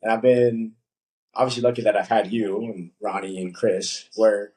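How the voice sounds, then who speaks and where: A young man, a coach, chatting casually on a podcast, telling animated stories and acting out what people said. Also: lowish voice, normal speed, breathy edge, low-quality recording. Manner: animated storytelling, acts out quotes.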